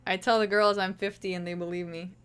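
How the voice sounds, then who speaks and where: A woman's voice: fairly low pitch, flat delivery, fast talker, a little hiss or hum, lightly acted. A woman quoting an older male yoga teacher in a near-plain voice, without trying an accent. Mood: cheeky. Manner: plain voice, no real accent attempt.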